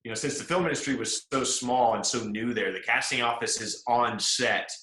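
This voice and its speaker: A man's voice: medium pitch, normal speed. A young man from South Carolina, a guest actor, telling stories casually and acting out the quotes. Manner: animated storyteller acting out quotes. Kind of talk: casual storytelling interview. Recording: echoey room.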